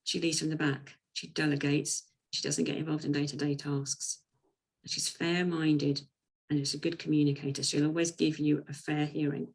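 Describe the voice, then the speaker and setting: A woman's voice: low voice, level tone, normal speed, vocal fry, slightly rough, poor audio. A woman coach giving a chatty, informal presentation talk, with frequent ums. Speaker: women's coach.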